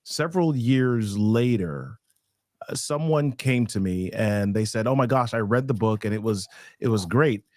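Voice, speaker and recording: A man's voice: fairly low pitch, a little slow, a little mellow, dry recording, clean studio sound. A man hosting a conversational interview who listens attentively and answers with short affirmations before telling his own story. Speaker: workshop host.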